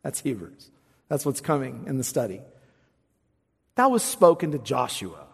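A man preaching a sermon, reading scripture with emphasis and rising high on the quoted verses. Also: very animated, moderate pace, gravelly, breathy edge. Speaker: pastor. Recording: long reverb of a large hall.

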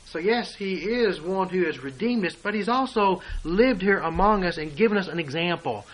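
A man preaching a sermon, reading and explaining scripture verse by verse and swinging between hushed asides and loud declarations. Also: high-pitched, animated, moderate pace, poor audio.

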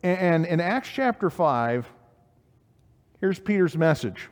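A man with a fairly high voice preaches a sermon in a slow, sing-song cadence, and the recording has the sound of a large room. He reads scripture aloud in King James wording and poses questions to his listeners.

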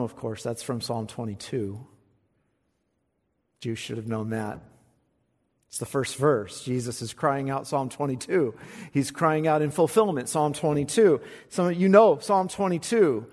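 Fervent preacher in a reverberant hall. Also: male voice, medium pitch. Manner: dramatic swings from quiet asides to loud fervent recitation. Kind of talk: expository sermon.

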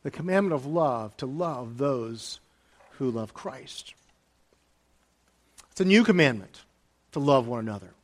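A man preaching a sermon as pastor, moving between soft, hushed lines and raised, emphatic ones, and repeating key phrases for emphasis. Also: medium pitch, lively intonation, measured pace, long pauses.

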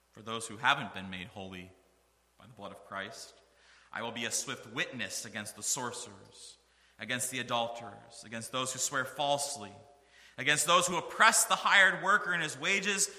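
A man's voice: mid-range voice, pushed and bright, roomy sound, long reverb tail. A man preaching a sermon, reading scripture aloud with earnest, rising emphasis.

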